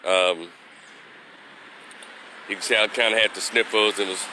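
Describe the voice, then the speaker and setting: A man's voice: on the low side, steady tone, measured pace, background noise. Rambling man with a stuffy cold. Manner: rambling, loses his train of thought. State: recovering from a cold, slightly stuffy. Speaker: vlogger giving opinions. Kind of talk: casual live vlog. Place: outdoors walking past a construction site.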